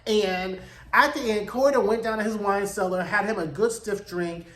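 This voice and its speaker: A man's voice: sits high, normal speed, a bit bright. Male recap host, casual and gossipy, echoey room. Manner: chatty, slangy, gossipy.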